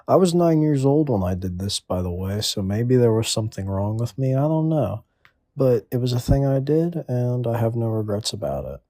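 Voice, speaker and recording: A man's voice: mid-range voice, sing-song, normal speed, warm tone, dry recording, clean studio sound. A man in his twenties delivering a crude comedic monologue in a rambling, offhand way. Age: 20s. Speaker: comedic storyteller.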